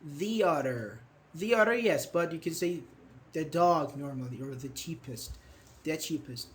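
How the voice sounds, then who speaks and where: A man's voice: a little high, expressive, measured pace, a bit bright. Patient male grammar teacher. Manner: patient, explains with examples and praises students. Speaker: English teacher. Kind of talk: online grammar class.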